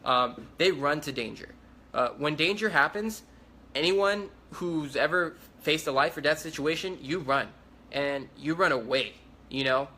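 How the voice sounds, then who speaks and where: A man's voice: fairly high pitch, a little slow, pushed and bright. A young man giving a rambling, repetitive eyewitness account in a casual livestream. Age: young adult. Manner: rambling, repetitive, urgent retelling. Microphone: phone livestream.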